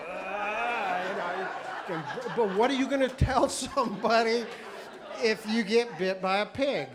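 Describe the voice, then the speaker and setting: A man's voice: high voice, unhurried. A middle-aged male comedian doing a self-mocking, rambling stand-up routine on a club stage, with audience laughter behind him. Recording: live club recording with crowd noise.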